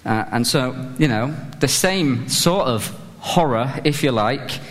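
Speaking slowly in an animated, mid-range voice, this British man gives a comic sermon that pokes fun at himself. It's chatty and filler-heavy, climbs toward fervent emphasis, and carries a long reverb tail.

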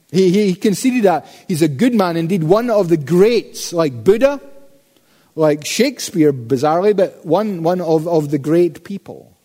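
A male preacher delivers a sermon slowly and emphatically, leaning on deliberate pauses. His voice sits fairly high but sounds dark and mellow. It carries the long reverb of a large church hall. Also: animated.

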